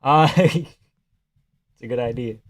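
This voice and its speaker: Slow-paced and mid-range, this man's voice carries a casual live stream where he reads viewer messages aloud. He answers in a loose, joking manner that sometimes falls to a near-whisper.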